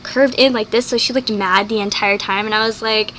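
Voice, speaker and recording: Excitable, bright-voiced woman vlogger. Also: mid-range voice, slight background noise. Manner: fast, gushing, full of "like"; excitable, acts out quoted lines. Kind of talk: casual vlog chat reviewing a movie.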